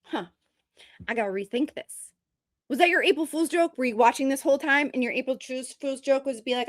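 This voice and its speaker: A woman's voice: sits high, fairly quick, no room sound, clean studio sound. A woman hosting a live stream, chatting casually with viewers in a rambling, joking and bluntly profane way. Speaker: streamer host.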